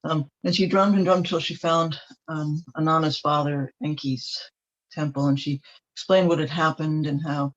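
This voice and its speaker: Male storyteller for a ceremony, higher voice, wandering delivery full of ums, dull lo-fi recording. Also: fairly even intonation, normal speed. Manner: meandering, with ums and restarts.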